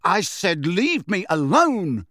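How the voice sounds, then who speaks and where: A man reading an audiobook, voicing an angry, defiant teenage boy who shouts in short, clipped bursts. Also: medium pitch, wildly swooping pitch, normal speed, no room sound, studio quality, full character voice. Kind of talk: audiobook character voice.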